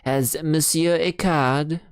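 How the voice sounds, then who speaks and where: A man reading an audiobook voices a disdainful male house servant who talks in a haughty, drawn-out way. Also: fairly high pitch, fairly even intonation, clean tone, dry recording, clean studio sound, voice pushed up.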